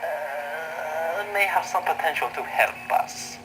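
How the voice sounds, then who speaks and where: Haughty mad Doctor Frankenstein. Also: male voice, fairly high pitch, slow, poor audio. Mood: grandiose. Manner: haughty, theatrical, scoffing. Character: pompous mad scientist doctor, male, middle-aged. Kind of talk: campy TV show acting. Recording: TV audio under loud music.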